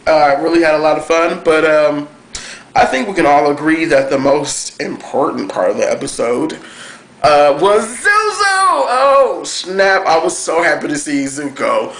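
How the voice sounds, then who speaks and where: A man reviewing a cartoon episode on camera, talking in a gushing, excitable way with plenty of fillers. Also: on the high side, moderate pace. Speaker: TV review vlogger. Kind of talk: casual chat review. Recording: echoey room.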